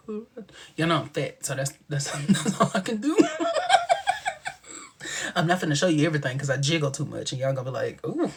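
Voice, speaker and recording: A man hosts a casual live stream into his phone at home, talking in a playful, sassy way. His pitch swings widely from line to line. His voice has a husky edge to it. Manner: animated and playful, with frequent laughter; sassy, dramatic asides.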